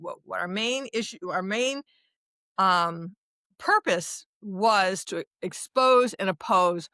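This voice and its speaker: A woman from the United States, a lawyer and advocate, answering interview questions in a lively storytelling way with many restarts. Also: mid-range voice, no room sound, clean studio sound. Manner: animated storyteller, acts out dialogue, many restarts. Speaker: guest, human rights advocate and lawyer.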